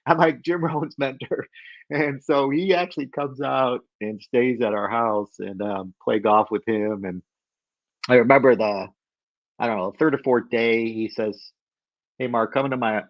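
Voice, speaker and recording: A middle-aged man telling a story as a podcast guest, animated and acting out the voices of people he quotes. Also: mid-range voice, unhurried, no room sound, muffled recording.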